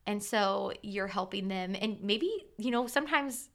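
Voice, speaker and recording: Chatty woman podcast host. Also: medium pitch. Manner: conversational, quick, with many "like" fillers. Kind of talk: casual solo podcast talk.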